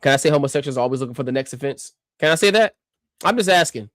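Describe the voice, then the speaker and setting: A man's voice: mid-range voice, lively intonation, fast, a bit bright, dry recording. Male streamer, combative reaction rant, mocking, dry and close. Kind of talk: ranting reaction commentary.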